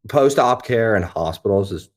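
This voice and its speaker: A man's voice: fairly low pitch, animated, normal speed. A man co-hosting a podcast, explaining things in a conversational way with many fillers. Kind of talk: casual chat.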